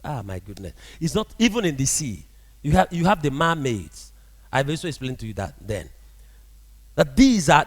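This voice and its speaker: A man preaching a sermon as a prophet, animated and often asking the congregation rhetorical questions. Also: a little high, in a large hall.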